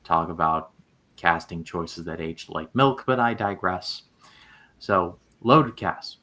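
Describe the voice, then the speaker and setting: A man's voice: low voice, expressive, takes it slowly, bright, forceful tone. A man hosting a casual podcast discussion, making dry, wry asides as he sums up points.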